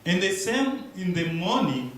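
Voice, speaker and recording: A young man giving a church testimony, telling his story slowly and haltingly with pauses and restarts. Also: high-pitched, very animated, a bit bright. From Democratic Republic of the Congo. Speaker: guest speaker. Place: large echoey church hall. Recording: very echoey room, faint hiss.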